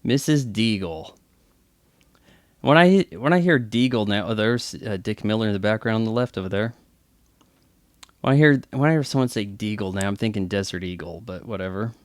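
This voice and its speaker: A man's voice: fairly low pitch, animated, moderate pace, no room sound. A man giving casual movie commentary with chatty, wry asides. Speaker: film commentator.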